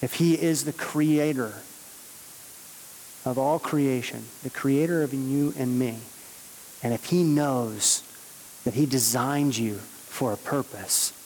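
A man preaching a sermon, earnest and steady, rising to emphatic peaks. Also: mid-range voice, slow, long reverb tail, a little hiss or hum, poor audio. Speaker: pastor.

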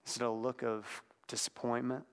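A man's voice: mid-range voice, level tone, moderate pace, smooth. Reflective male preacher in a reverberant hall. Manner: conversational and reflective, drops to a hushed tone at times. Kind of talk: sermon.

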